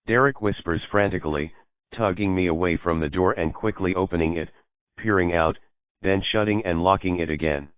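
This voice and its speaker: Deep smooth man reading a novel, sounds tinny like a phone line. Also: normal speed, no echo. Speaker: audiobook narrator. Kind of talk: scripted narration. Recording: dry, phone-like lo-fi audio.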